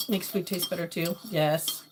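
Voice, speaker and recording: A woman's voice: lowish voice, steady tone, measured pace, noisy background. A middle-aged woman from New England, hosting a casual livestream chat with viewers, playful and laughing often. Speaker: livestream host chatting with viewers.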